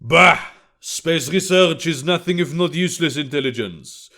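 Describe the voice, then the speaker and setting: A man's voice: on the high side, measured pace, sharp tone. A man voicing a burly, brash French spy with a thick French accent. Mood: brusque.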